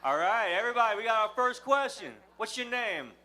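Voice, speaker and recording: A man's voice: high voice, lively intonation, brisk, sharp tone. A man from West Texas with a Texan accent, a folksy, joking storyteller speaking on a live fan convention panel. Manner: folksy, jokey, drawling storyteller.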